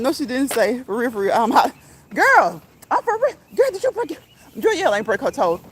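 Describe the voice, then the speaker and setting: A woman's voice: a little high, slight background noise. A woman hosting a casual live stream, chatting, laughing often and reading out viewers' comments.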